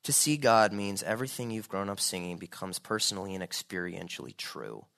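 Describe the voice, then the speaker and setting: A man's voice: low voice, lively intonation, brisk, creaky, fairly bright tone. Earnest male preacher, rising to fervor. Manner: earnest, rising to fervent pleading. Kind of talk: sermon.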